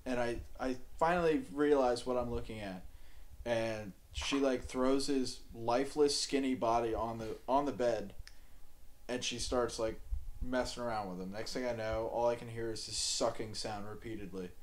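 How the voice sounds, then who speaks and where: A young man telling a crude story on a podcast, laid-back and profane, often dropping to a low mumble. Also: steady tone, moderate pace. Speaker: podcast co-host.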